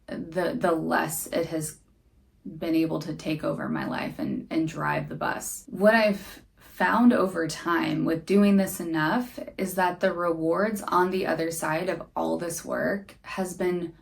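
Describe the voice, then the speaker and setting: In a reflective podcast monologue, a young female host talks candidly and sincerely about what she's been struggling with. She speaks slowly in a lowish, gravelly voice.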